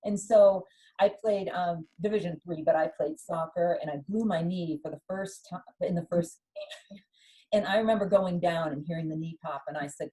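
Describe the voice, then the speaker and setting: A middle-aged woman, a former athlete, telling her story in an interview with lively storytelling and acted-out dialogue. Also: lowish voice, moderate pace, low-quality recording. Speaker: guest, former Olympic skier. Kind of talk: conversational interview.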